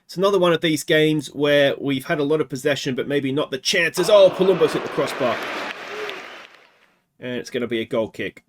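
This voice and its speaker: Australian male let's-play host, slightly high voice, chatty game commentary full of rhetorical asides. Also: fairly quick, some chatter behind. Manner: chatty, asks himself rhetorical questions.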